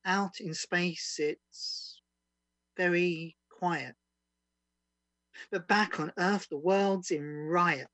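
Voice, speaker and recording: A man's voice: sits high, fairly even intonation, drawn-out words, long pauses, sharp tone, dry recording. A man performing spoken-word poetry over a video call, in a rhythmic sing-song delivery of mock desperation. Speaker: poet performing at an online open mic.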